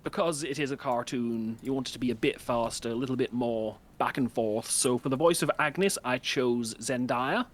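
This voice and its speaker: A man in a casual book club chat, pitching ideas with rambling enthusiasm. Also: moderate pace, few pauses.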